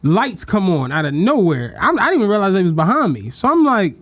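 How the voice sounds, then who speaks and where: A man's voice: high voice, brisk, dry recording, clean studio sound. A man from Philadelphia co-hosting a podcast, telling profane stories and acting out the voices of the people in them. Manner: animated, profane storytelling, acting out quotes. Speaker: podcast co-host. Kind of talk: casual storytelling chat.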